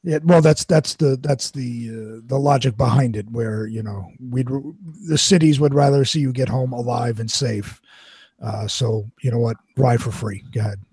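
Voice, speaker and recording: A man's voice: mid-range voice, normal speed, darkish tone, breathy edge, dry recording. A man with a New York accent in a casual podcast chat, explaining things in an easygoing way. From New York City. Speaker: podcast co-host.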